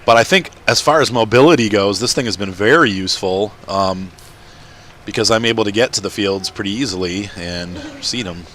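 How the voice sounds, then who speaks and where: A man with a lowish voice rambles through casual gameplay commentary, laughing as he goes. He is recording at home, with faint noise in the background. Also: a little fast, fairly bright tone. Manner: rambling, chatty, laughs often. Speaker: let's-play gamer.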